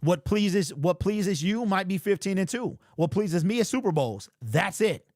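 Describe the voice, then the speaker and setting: A man from hosting a casual sports talk stream, answering chat in an animated, conversational way. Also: high-pitched, a little slow, no room sound, studio quality. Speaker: podcast host.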